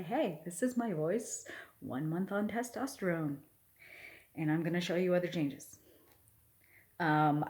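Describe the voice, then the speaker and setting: A trans man with his pre-testosterone voice, talking slowly and heartfelt in a personal video update, halting with many pauses and fillers. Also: high voice. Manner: soft, heartfelt. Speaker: vlogger.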